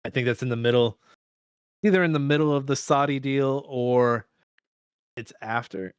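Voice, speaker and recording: A male film podcast co-host rambles about movies in a profane, excitable manner during a casual discussion. His mid-range voice is clear and resonant at a moderate pace, captured in clean studio sound with no room noise.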